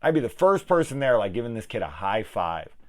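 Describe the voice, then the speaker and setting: A man's voice: on the low side, very animated, fairly quick. Angry, profane man ranting. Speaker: film review host. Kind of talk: ranting spoiler discussion.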